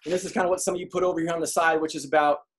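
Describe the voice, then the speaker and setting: A man giving a motivational talk to an audience, telling comic stories and acting out quotes in an animated way. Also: fairly high pitch, rapid-fire, slight background noise. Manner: animated storyteller, acts out quotes. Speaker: speaker.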